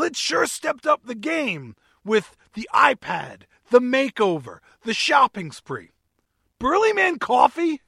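A man's voice: high-pitched, creaky, a bit bright, slightly rough, no echo, studio quality. A man hosting a podcast on his own, upbeat and jokey with a self-mocking streak. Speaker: podcast host. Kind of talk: solo podcast chat.

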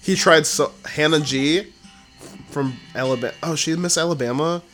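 High-voiced catty man gossiping. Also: moderate pace, a bit bright, soft background music. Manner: catty, gossipy, laughing asides. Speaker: TV reaction commentator. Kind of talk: casual reaction commentary.

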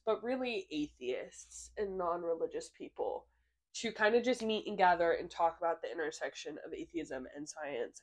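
A woman's voice: fairly low pitch, a little mellow. A young woman from Missouri co-hosting a casual podcast chat, playful and laughing often. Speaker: podcast co-host.

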